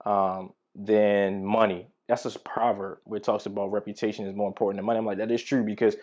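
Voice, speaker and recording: A man's voice: lowish voice, flat delivery, a little fast, a little mellow, highs cut off. A man teaching from the Bible in a casual, slangy way, telling personal stories. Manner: conversational, slangy storytelling.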